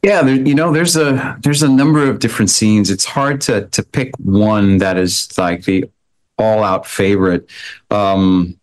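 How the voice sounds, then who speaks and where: A man, an actor being interviewed, answering thoughtfully with frequent fillers and restarts. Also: lowish voice. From American. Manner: halting, many restarts and fillers. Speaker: actor guest.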